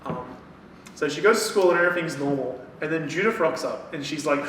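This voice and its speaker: A man's voice: a little high, fairly quick, fairly bright tone. A man co-hosting a casual book-review chat, swearing freely as he recaps the plot. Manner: profane, retells plot acting out characters' lines. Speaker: podcast co-host. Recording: echoey room from a distant mic, faint noise.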